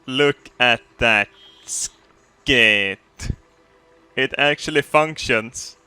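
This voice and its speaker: A man giving excitable gameplay commentary, laughing often and swearing freely as he builds. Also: medium pitch. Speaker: gamer.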